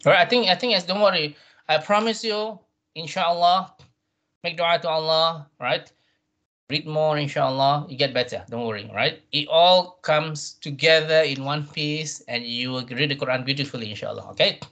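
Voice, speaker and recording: A man teaching a Quran reading class, patient, often repeating himself and checking in with "right?", drawing out Arabic words slowly to model them. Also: a little high, pushed and bright, muffled recording. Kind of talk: tajweed revision class.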